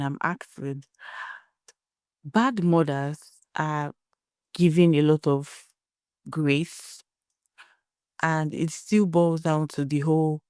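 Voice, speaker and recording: A woman's voice: sits low, mellow, no room sound, clean studio sound. A young Nigerian woman hosting a solo podcast, giving blunt opinions and telling stories in a conversational way. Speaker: podcast host.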